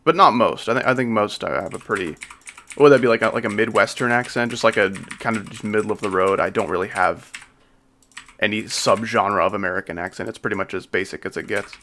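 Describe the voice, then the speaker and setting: A man's voice: fairly low pitch, fast, sharp tone, a little hiss or hum. A man with a slight Southern accent, chatting casually and jokingly with his livestream chat while he builds a game level. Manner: laid-back, joking, reads and answers chat. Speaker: game streamer.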